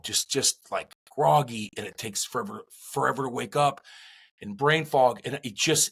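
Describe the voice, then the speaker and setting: A middle-aged man in casual podcast chat, animated and rambling, with many restarts. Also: mid-range voice, slightly rough. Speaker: podcast co-host.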